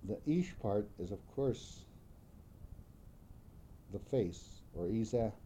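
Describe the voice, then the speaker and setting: A man slowly and carefully explaining word forms, repeating each example word. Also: on the low side, expressive, dark tone, a little hiss or hum. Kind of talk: slow explanatory talk.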